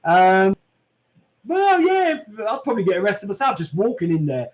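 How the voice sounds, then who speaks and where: Animated and fairly quick, a British man whose voice sits high hosts a live question-and-answer stream. As a chatty channel host, he reads out viewer comments and answers live chat casually, with lots of "um" and "mate."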